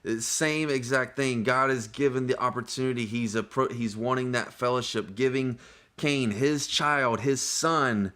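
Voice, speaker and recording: A man's voice: mid-range voice, fairly even intonation, unhurried, a bit bright. A man teaching a casual Bible study, talking in a conversational, earnest way with frequent exclamations.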